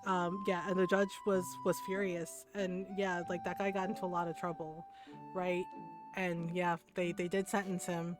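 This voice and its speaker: A woman's voice: fairly low pitch, flat delivery, normal speed. A woman streamer telling personal stories in casual chat, often tagging her sentences with "right?". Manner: chatty, often adds "right?". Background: background music.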